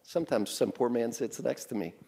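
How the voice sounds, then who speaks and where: A man's voice: mid-range voice, fairly quick, vocal fry, background noise. A man giving an interactive, joking business lecture to a class, quizzing the audience and giving them exercises. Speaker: business speaker teaching a class.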